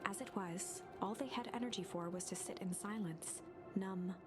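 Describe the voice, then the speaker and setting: A woman reading story narration aloud in a soft, unvoiced whisper. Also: medium pitch, normal speed. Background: game music.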